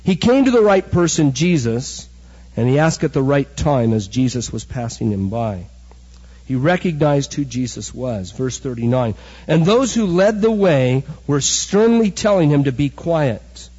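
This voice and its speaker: A middle-aged man preaching a sermon, animated storytelling that acts out the quotes. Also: medium pitch, a little slow, slightly rough. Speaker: pastor. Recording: dull recording with hall echo.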